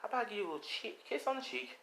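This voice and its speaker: A man voicing a sly, flirtatious female cat-like thief in a high, squeaky put-on voice. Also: lively intonation, racing, bright, forceful tone, slight background noise, exaggerated voice. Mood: flirty. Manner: teasing, falsetto squeal.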